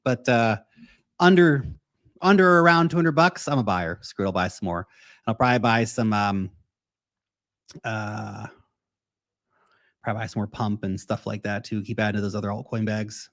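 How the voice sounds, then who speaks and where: A man's voice: lowish voice, normal speed, pauses often, a bit bright. A man in his thirties from the United States, hosting a casual livestream Q&A and answering viewers' questions in a blunt, profane, emphatic way. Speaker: crypto livestream host.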